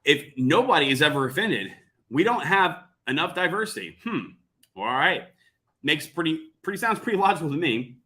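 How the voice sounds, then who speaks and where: A man's voice: a little high, sing-song, normal speed, pushed and bright. Sarcastic man reading and commenting. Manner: sarcastic, mocking asides. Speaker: commentary vlogger.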